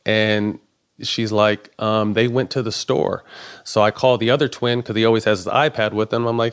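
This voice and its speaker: A man's voice: fairly low pitch, a little fast. A middle-aged man casually telling a long personal story, swearing often and acting out the dialogue. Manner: profane, animated storytelling with quoted dialogue. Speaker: podcast guest.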